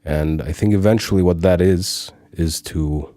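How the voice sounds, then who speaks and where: Un hombre de Chipre, locutor invitado en una entrevista de pódcast, que habla con seguridad y calma. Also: male voice, low voice, unhurried, no echo. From Cyprus. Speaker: guest, voiceover artist. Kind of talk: casual podcast interview.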